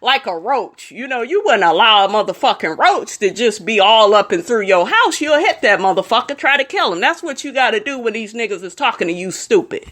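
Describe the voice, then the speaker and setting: A woman's voice: on the high side, fairly bright tone. A woman vlogger giving blunt, profane, emphatic commentary straight to her viewers. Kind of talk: casual commentary.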